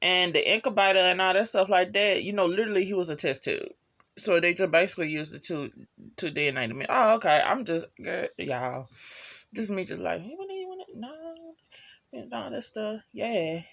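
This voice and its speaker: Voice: mid-range voice, brisk, a bit bright, highs cut off. A vlogger reviewing a TV episode in casual, slangy chat that wanders and swears freely, with many "you know" asides and laughs at favorite moments. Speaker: TV show reviewer.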